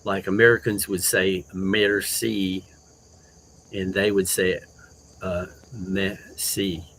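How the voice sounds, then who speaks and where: A man with a rough voice hosting a livestream, chatting casually with viewers in a relaxed, rambling way with lots of fillers. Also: sits low, normal speed, slight background noise, low-quality recording. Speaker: livestream host. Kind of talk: casual chat with live viewers.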